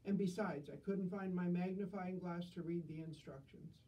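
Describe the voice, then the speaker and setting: A woman's voice: on the low side, moderate pace, distant mic, dull audio. An older woman reading humorous stories with dry, self-deprecating wit.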